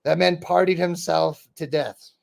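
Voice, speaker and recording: A man's voice: on the high side, steady tone, unhurried, gravelly, a little mellow. A man hosting a podcast, telling stories in a rambling, profane way, full of "bro" and "dude". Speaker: podcast host and rapper. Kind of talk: casual storytelling chat.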